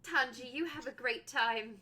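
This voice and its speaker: A woman's voice: on the high side, measured pace, pushed and bright. A woman playing her character at a tabletop game, teasing the others playfully. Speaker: player.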